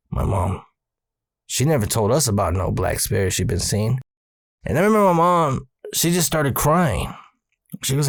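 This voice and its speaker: A man's voice: mid-range voice, expressive, takes it slowly, long pauses, dry recording, studio quality. A man in his forties, a podcast host, casually retelling a personal ghost story with plenty of swearing. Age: 40s.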